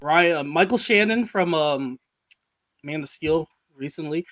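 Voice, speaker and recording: A man co-hosting a casual podcast chat, animated and laughing, often mimicking movie characters. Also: on the high side, unhurried, lo-fi sound. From Trinidad. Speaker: podcast co-host.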